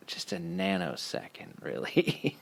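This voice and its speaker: A man telling a casual, profane story, laughing as he goes in an animated way. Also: deep voice, slow pace, vocal fry.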